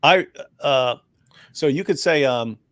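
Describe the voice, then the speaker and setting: A man's voice: mid-range voice, expressive, slow pace, fairly bright tone, no echo. Hesitant man on a dry livestream mic. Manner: hesitant, many restarts, mocking mimicry. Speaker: livestream co-host. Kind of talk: livestream discussion.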